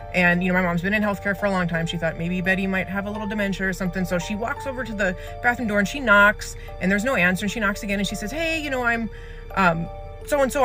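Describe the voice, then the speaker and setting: With music running clearly beneath, this bright, forceful mid-range voice tells a parent's eerie hospital story in a casual, rambling way. Fillers pop up often, and quoted exchanges get acted out.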